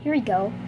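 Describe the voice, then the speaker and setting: A young woman making a casual home vlog, breaking into exasperated outbursts of disbelief. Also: very noisy. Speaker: vlogger.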